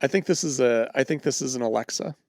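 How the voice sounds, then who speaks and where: A man's voice: medium pitch, quick pace, darkish tone, no room sound, studio quality. A man co-hosting a podcast, running a guessing game and reading product reviews aloud as clues. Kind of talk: casual podcast banter.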